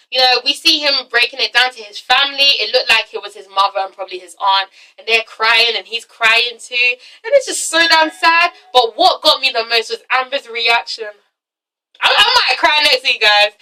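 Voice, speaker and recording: A high, very bright young woman's voice, heard from a little way off the mic. She talks about a reality show in a casual, emphatic way, swearing freely and tagging lines with "okay?" and "all right?". She acts out quotes with big jumps in pitch. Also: distant mic, rough recording. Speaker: vlogger reviewing a reality show. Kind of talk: casual vlog review.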